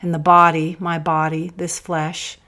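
A grieving, doubting man read by a woman speaks in a low voice. His words come halting and searching, as if he is struggling to believe. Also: level tone, bright, forceful tone. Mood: wondering. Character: grieving, doubting man who lost his wife and daughter.

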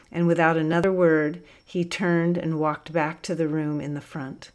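A woman narrating an audiobook in a calm, even way. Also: low voice, normal speed, few pauses.

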